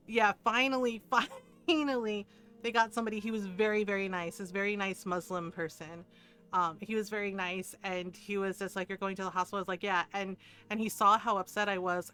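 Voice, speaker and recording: A woman's voice: mid-range voice, fairly bright tone, clean tone. A woman streamer chatting casually while she plays, rambling and earnest, with laughs between phrases. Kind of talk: casual chat while gaming.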